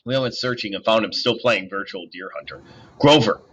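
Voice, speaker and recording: A man reads a novel aloud with lively, animated storytelling, his pitch swinging freely. His voice is bright and a little sharp, with a husky edge. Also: brisk, highs cut off. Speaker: audiobook reader.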